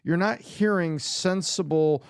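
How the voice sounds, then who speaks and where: A man's voice: fairly high pitch, measured pace, clear, resonant tone, no echo, studio quality. A man giving indignant, emphatic political commentary in a played clip.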